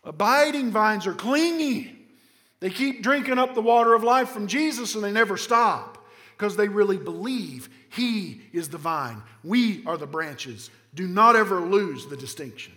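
A man's voice: high voice, animated, measured pace, bright, forceful tone. A man with a Southern American accent preaching a sermon as pastor, emphatic and full of repetition and rhetorical questions. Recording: long reverb of a large hall.

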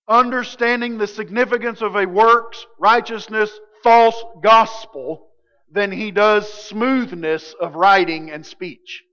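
Male pastor, high tenor, preaching in a big echoing church, dull lo-fi recording. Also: clear, resonant tone. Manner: animated, swings from loud emphatic to quiet low. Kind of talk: sermon. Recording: dull lo-fi sound with long hall reverb.

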